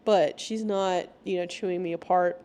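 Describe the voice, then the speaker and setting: A young adult woman hosting a casual solo podcast, chatty and laughing often, sometimes acting out quoted lines in a higher voice. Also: steady tone, moderate pace, dark tone, clear, resonant tone. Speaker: podcast host.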